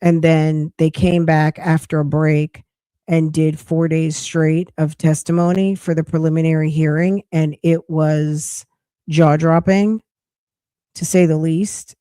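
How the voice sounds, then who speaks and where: A woman's voice: sits low, flat delivery, unhurried, warm tone, dry recording, clean studio sound. Chatty woman losing her voice. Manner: chatty, rambling with frequent restarts. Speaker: podcast host. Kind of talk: casual live-stream chat.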